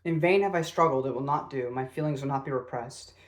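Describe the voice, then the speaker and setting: A man reading as a proud, reserved gentleman. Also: mid-range voice, brisk, close to an everyday voice. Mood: grave.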